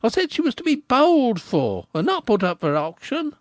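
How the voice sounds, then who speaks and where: A man voicing a blustering country town crier who scolds and shouts in a rustic dialect. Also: very high voice, huge pitch swings, moderate pace, no echo, clean studio sound, pitched above the performer's own voice, heavily acted. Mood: indignant.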